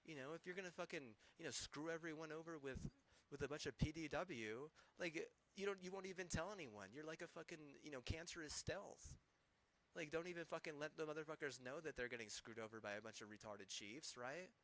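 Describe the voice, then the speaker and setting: Young man, streamer, angry profane rant, sharp tense voice. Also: fairly high pitch, a little fast, poor audio. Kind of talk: casual gaming stream rant.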